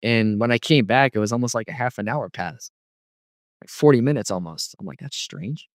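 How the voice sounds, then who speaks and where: A man's voice: medium pitch, expressive, fairly quick, no echo, studio quality. A man casually telling a personal testimony, rambling with many fillers and restarts. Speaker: guest telling a near-death story.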